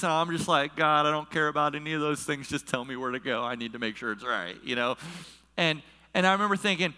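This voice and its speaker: A high-voiced male pastor preaches and tells a personal story, slipping into the voices of the people in it. His tone is sharp and bright, and it carries through the long reverb of a large church hall. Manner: storytelling, acts out quoted voices. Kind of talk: sermon.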